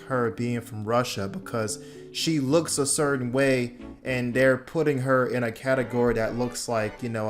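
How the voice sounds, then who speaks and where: A man hosting a reaction video, giving casual commentary in a blunt, laid-back way and swearing freely. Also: medium pitch.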